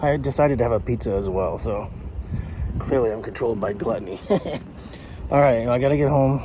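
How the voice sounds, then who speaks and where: Guy venting in a personal vlog, middle pitch, blunt and fed up, swears a lot. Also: fairly quick, mellow, a little hiss or hum. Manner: frustrated, blunt, swears often. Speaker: vlogger. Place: partly outdoors in summer heat.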